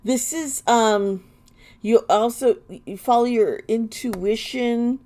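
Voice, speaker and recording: A woman's voice: fairly high pitch, takes it slowly, mellow. A woman giving live tarot readings to viewers, chatty and blunt, often laughing as she talks. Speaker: tarot reader.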